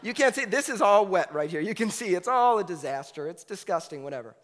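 A man in his thirties preaching a sermon, telling a story in a lively, conversational way with lots of asides. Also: sits high, brisk. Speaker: pastor. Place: church hall. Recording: reverberant hall with faint music.

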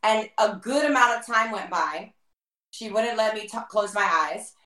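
A middle-aged woman telling her personal testimony as a guest, animated and acting out the dialogue she quotes. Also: medium pitch, unhurried. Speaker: guest, former worship leader. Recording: roomy echo, mic far off.

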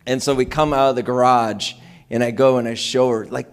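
A man preaching a sermon as pastor, telling lively personal anecdotes and acting out the dialogue. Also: mid-range voice, fairly quick, clean tone. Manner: animated anecdotes with acted-out dialogue. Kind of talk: conversational sermon storytelling.

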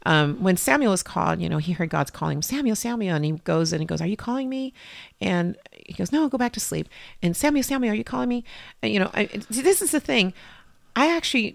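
A middle-aged woman shares a heartfelt story in an interview, her voice carrying a gravelly edge. She acts out old conversations with feeling, in a dry, close recording. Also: medium pitch, lively intonation, fairly quick, no room sound. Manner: emotional storytelling, acting out dialogue. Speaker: interview guest. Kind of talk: personal faith story in conversation.

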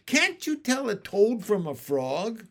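A man's voice: a little high, big pitch swings, takes it slowly, full character voice. A man reading a storybook aloud and voicing a patient, bossy female pond frog who lectures in a teacherly way.

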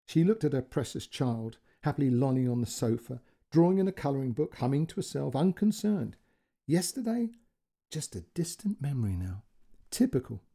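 A male storyteller reading a short story aloud with expressive, emotional narration. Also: medium pitch, creaky, husky.

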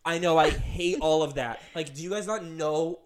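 A man in his twenties co-hosts a casual podcast chat, ranting animatedly and filling his speech with "like" and other fillers. His voice is a little high, at normal speed.

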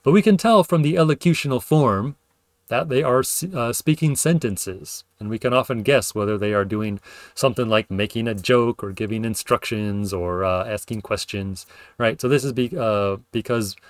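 A man's voice: medium pitch, dry recording, studio quality. A man hosting a spoken lecture, thinking aloud with fillers and self-corrections as he explains ideas. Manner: acts out example sentences with playful intonation. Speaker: podcast host explaining linguistics.

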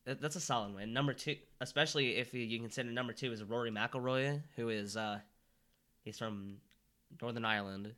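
A man's voice: medium pitch, brisk, a bit bright. A young man co-hosting a podcast, chatting casually about sports with lots of fillers and restarts. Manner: rambling, filler-heavy, restarts. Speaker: podcast co-host.

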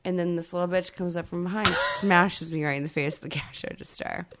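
A woman in her thirties co-hosting a podcast, chatting casually and bluntly with plenty of swearing, loud and emphatic when ranting. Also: on the low side, fairly even intonation, fairly quick, slight background noise. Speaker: podcast co-host. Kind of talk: casual chat.

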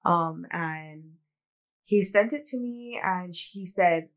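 A woman with a lowish voice hosts a casual podcast chat. She tells personal stories in a candid, reflective way, with lots of "like" and "you know". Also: slow. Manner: candid, reflective storytelling with many "like"s. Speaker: podcast co-host.

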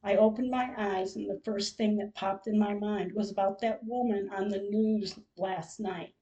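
An older woman hosting a podcast, reading out a personal diary-style account in a slow, measured way, with emotional moments. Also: mid-range voice, steady tone, dark tone, lo-fi sound. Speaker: podcast host.

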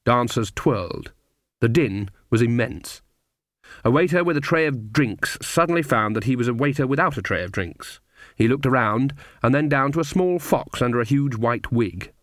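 A man reading a comic fantasy audiobook in measured, wry storytelling. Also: medium pitch, animated, a bit bright, dry recording, clean studio sound. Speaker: audiobook narrator. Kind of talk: scripted narration.

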